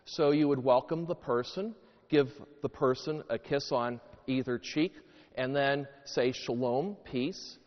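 A man's voice: medium pitch, long reverb tail, dull audio. A man preaching a sermon as a priest, telling stories with dramatic emphasis and folksy jokes and asides to the congregation. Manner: animated storytelling with dramatic emphasis. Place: church.

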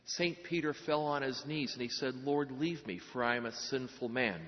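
A man's voice: mid-range voice, muffled recording. Man preaching with long reverb. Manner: earnest storytelling, dramatic pauses. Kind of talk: sermon.

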